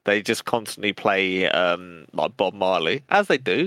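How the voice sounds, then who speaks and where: A man's voice: on the low side, lively intonation, normal speed, a bit bright, no room sound. Man, podcast co-host, playful and laughing, goofy jokes, dry close sound. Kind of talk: casual banter.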